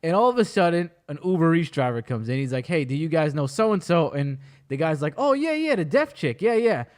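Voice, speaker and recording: A man with a high voice tells a story on a casual podcast. He talks with lively energy and slips into quick impressions of the people he describes. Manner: animated storyteller who acts out other people's lines. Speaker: podcast host.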